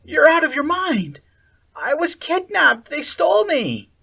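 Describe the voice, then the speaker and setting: A narrator voicing a frightened, furious kidnapped young girl who shouts with a cracking voice. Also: high-pitched, wildly swooping pitch, unhurried, gravelly, far from the mic, voice pushed up, full character voice. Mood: frantic angry.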